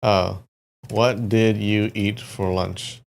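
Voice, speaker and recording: A man's voice: lowish voice, fairly even intonation, slow, creaky. A man hosting a casual livestream, chatting to his viewers while he types, with restarts and muttered asides. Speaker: livestream host.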